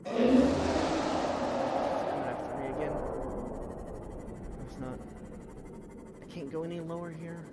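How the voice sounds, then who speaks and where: A man's voice: fairly high pitch, normal speed, pauses often, very noisy. Panicky man streaming a game. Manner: panicky, excitable, swearing at the game. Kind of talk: live gameplay commentary. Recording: loud game audio under the voice.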